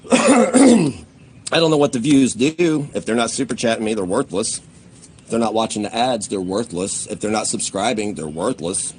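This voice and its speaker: An expressive, darkish-toned man rants furiously on a livestream at normal speed, cursing without restraint. Heated shouts give way to low, bitter grumbling, and faint noise hums underneath.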